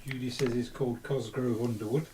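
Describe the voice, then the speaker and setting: A man's voice: mid-range voice, fairly even intonation, a little fast, dark tone. A man helping on a live stream by reading out viewer comments in a dry, matter-of-fact way.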